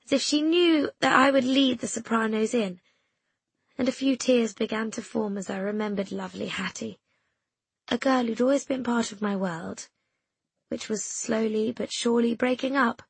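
A woman reading an audiobook narration in a measured, reflective way. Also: a little high, gravelly, slightly rough, no echo.

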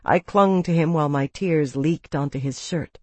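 Calm, dry audiobook narrator. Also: mid-range voice, normal speed, no echo. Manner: calm first-person storytelling.

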